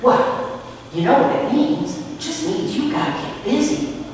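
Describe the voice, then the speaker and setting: A woman's voice: high-pitched, sing-song, a little slow, darkish tone, distant mic, voice pushed up. A woman voicing a very happy, pretty woman clown in a told story, speaking in a chirpy, sing-song, coaxing way. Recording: echoey hall from afar, faint noise.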